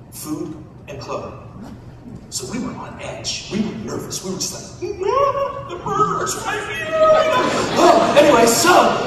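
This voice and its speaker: A man giving a humorous storytelling speech at a banquet, animated and playful, talking straight to the audience. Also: high voice. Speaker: banquet speaker. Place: large banquet hall. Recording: echoey hall from far off, room noise.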